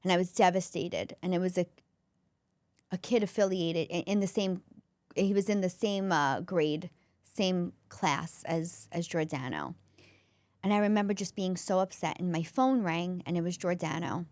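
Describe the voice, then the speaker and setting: A woman's voice: on the low side, moderate pace, a little mellow, no echo. Woman telling a heartfelt story. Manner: earnest, emotional, with frequent restarts. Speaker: comedian and former school counselor, podcast guest.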